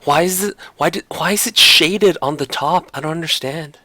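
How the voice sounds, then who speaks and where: A man's voice: high-pitched, moderate pace, bright, forceful tone, no echo. A man chatting casually on a livestream while he critiques and redraws art, joking with mock outrage and mocking himself. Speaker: art streamer giving drawing critiques.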